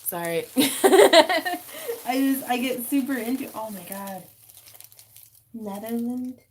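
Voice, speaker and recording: Excitable woman chatting on a craft livestream. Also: fairly high pitch, takes it slowly, slightly rough. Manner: excitable, gasping and laughing over gifts. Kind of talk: casual live stream chat. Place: home craft room. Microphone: phone.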